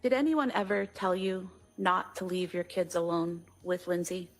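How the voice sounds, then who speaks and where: Gravelly, flat-toned woman lawyer. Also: lowish voice, soft background music. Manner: measured, formal questions with hesitant ums. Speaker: attorney questioning a witness. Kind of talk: courtroom questioning.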